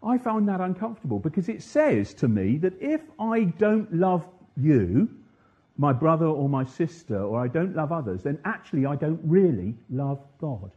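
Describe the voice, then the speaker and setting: Man, sermon, husky mellow voice, dull lo-fi recording. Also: a little high, big pitch swings. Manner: asks the congregation questions, pauses with ums; slows and stresses quoted verses. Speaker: preacher. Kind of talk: interactive Sunday sermon. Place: church.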